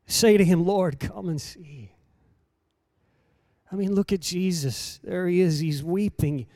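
A man preaching a sermon with dramatic delivery, dropping to hushed lines and rising to loud declarations. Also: high-pitched, slow pace, no room sound, clean studio sound. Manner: dramatic, swinging between soft and loud emphasis.

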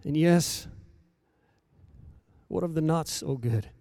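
A man preaching a sermon with dramatic delivery, dropping to hushed lines and rising to loud declarations. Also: a little high, slow, no room sound, clean studio sound. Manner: dramatic, swinging between soft and loud emphasis.

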